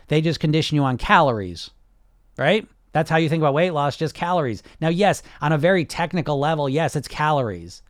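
A man with a fairly high, dry voice talks in a casual, unscripted podcast, with no room sound. He's a podcast host and weight loss coach whose manner is blunt and passionate; he swears and restarts his sentences a lot.

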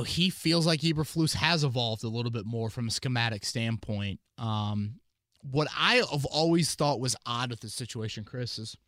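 Male podcast host, casual sports talk, rambling and animated, dry studio sound. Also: medium pitch, no room sound. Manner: animated, rambling, many fillers and restarts. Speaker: podcast host and team analyst.

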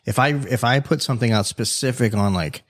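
A man's voice: mid-range voice, brisk. A man co-hosting a podcast, joking and venting in a casual chat. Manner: animated, joking, exclaims. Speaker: podcast co-host.

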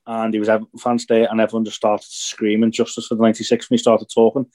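Young man from Northern Ireland, podcast co-host, reflective and halting, mellow voice. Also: fairly low pitch, completely flat delivery. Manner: reflective, halting, searching for words. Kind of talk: casual podcast chat.

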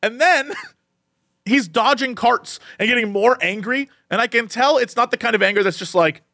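A man's voice: very high-pitched, moderate pace, creaky, dry recording, studio quality. A young man on a podcast, chatting casually as he tells a funny story, laughing often and acting out the people in it. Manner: animated, laughs often, acts out quoted people. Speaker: podcast co-host.

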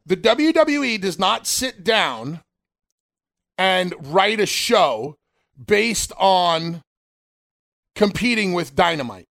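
A man's voice: high-pitched, takes it slowly, vocal fry, long pauses. A man co-hosting a casual wrestling talk show, speaking emphatically and addressing fans directly as a former professional. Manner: emphatic, animated, talks straight to fans. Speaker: podcast co-host, former wrestler.

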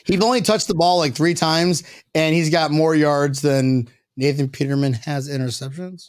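A man co-hosting a podcast, joking around with excitable bursts. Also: a little high, a little slow, dry recording, studio quality. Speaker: podcast co-host. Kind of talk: casual podcast chat.

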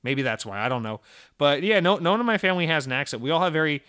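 A man's voice: a little high, animated, fast talker, a bit bright, clear, resonant tone, no room sound, studio quality. A young man from Georgia with a plain General American accent, a podcast host answering listener letters in a rambling, sarcastic, profane chat. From Georgia, USA. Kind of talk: casual chat.

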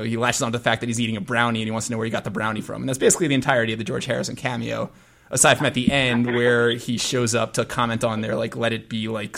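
A man's voice: medium pitch, creaky, fairly bright tone. A man hosting a podcast, chatting casually about music in long, meandering sentences. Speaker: podcast host.

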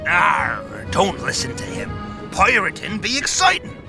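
A man voicing a gruff, boastful British pirate with pirate slang in a podcast skit. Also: high-pitched, big pitch swings, unhurried, over music, exaggerated voice. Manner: pirate slang, growled "arr".

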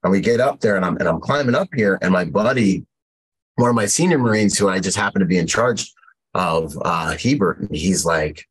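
A man from the United States with a lowish, breathy, husky voice, talking as a podcast guest. He tells a long personal story in a loose, rambling way, stopping for fillers and acting out what others said. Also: moderate pace, poor audio. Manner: rambling war story with many fillers and acted quotes. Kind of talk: casual storytelling.

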